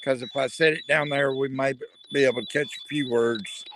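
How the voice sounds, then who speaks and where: A man investigating the paranormal at night outdoors, calling out questions to unseen spirits in a hushed, probing way. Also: mid-range voice, fairly even intonation, moderate pace, a little hiss or hum. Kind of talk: ghost-hunting vlog narration. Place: outdoors at night near a building.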